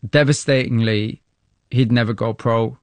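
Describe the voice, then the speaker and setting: A man presenting a radio programme, narrating a story and asking empathetic questions in a measured way. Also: medium pitch, fairly even intonation, a little mellow, no room sound. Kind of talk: radio documentary narration and interview.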